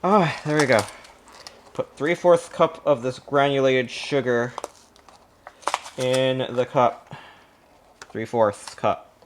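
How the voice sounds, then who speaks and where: A man talks through his cooking on a live stream, winded and loose, swearing often as he reads recipe steps aloud. His voice sits at an ordinary middle pitch and sometimes drifts back from the mic. A faint hiss and kitchen clicks run underneath. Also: steady tone, takes it slowly, pauses often. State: out of breath. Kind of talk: casual live-stream chat while cooking.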